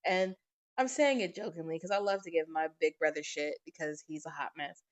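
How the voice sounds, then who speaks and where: A woman hosting a podcast, telling family stories in a casual, animated way and swearing freely. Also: sits low, a little fast. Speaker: podcast host. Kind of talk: casual storytelling monologue. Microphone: podcast microphone.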